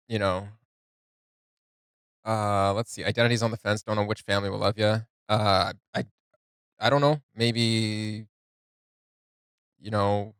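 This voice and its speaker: A man with a lowish voice talks through a song in a casual reaction video, pausing often and circling back with "um" and "you know" as he thinks aloud. The sound is close and dry, with no room around it. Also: fairly bright tone, no echo. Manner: hesitant, many fillers and restarts. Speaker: music reaction host.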